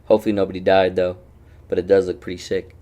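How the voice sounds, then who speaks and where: A man's voice: sits low, level tone, fast talker, warm tone. A man streaming a game, chatting casually and teasing his friends with loose, swearing banter. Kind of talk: casual gaming stream chat.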